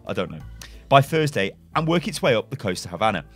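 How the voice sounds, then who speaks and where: A man's voice: medium pitch, sing-song, quick pace, a bit bright, husky, soft background music. Chatty young man musing over game lore. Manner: rambling speculation with frequent self-corrections and chuckles. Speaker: gaming YouTuber. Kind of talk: casual reaction commentary and reading aloud. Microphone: webcam setup at a desk.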